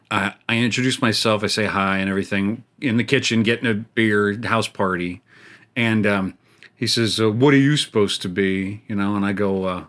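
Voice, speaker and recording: A middle-aged man with a fairly low, fairly bright voice hosts a gaming show. While playing, he tells a rambling, self-mocking story casually and often laughs at his own jokes.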